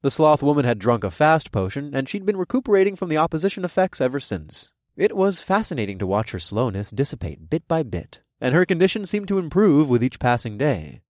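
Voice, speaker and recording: A man narrating a first-person fantasy story in an expressive storytelling manner. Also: on the high side, fairly quick, few pauses, no echo, clean studio sound. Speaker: audiobook narrator.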